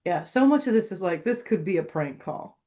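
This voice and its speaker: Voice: medium pitch, animated, warm tone. Wry podcast co-host, conversational. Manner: wry, conversational, quick agreeing interjections. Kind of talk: casual chat about a radio drama.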